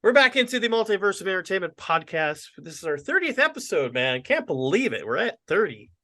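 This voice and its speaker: A man's voice: high-pitched, big pitch swings, a little fast, bright, forceful tone, no echo. A man co-hosting a podcast, chatting casually and joking with many fillers. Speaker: podcast co-host.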